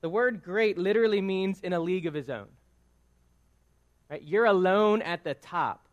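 A man's voice: sits high, normal speed, highs cut off. A man preaching a sermon, explaining scripture in a conversational way, often restarting words and checking in with "right?". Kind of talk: sermon teaching on a psalm.

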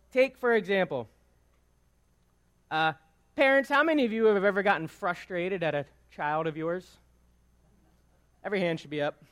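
A man with a high-pitched voice delivering a casual, conversational sermon in church. He speaks informally, tossing questions out to the congregation and punctuating his points with a quick "right?". He sounds like a pastor chatting with his own flock. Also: fairly bright tone. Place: church sanctuary before a congregation.

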